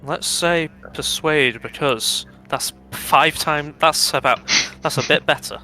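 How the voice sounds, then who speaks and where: A man's voice: fairly high pitch, slow, bright, forceful tone, soft background music. A man chatting as a player in a tabletop game, offhand and matter-of-fact. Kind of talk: casual tabletop game chat.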